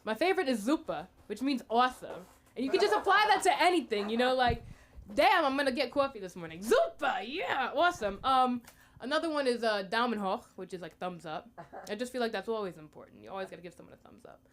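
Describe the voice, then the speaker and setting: Young American woman comic, rambling and chatty, high voice with a very lively swing. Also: fast. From United States. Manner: chatty, rambling, lots of fillers. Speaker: open mic comedian. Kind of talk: stand-up comedy.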